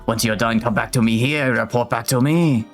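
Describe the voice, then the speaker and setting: A man voicing a poised, earnest female game character in a put-on French accent, reading the dialogue aloud in a formal, measured way. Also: medium pitch, faint music behind, close to an everyday voice.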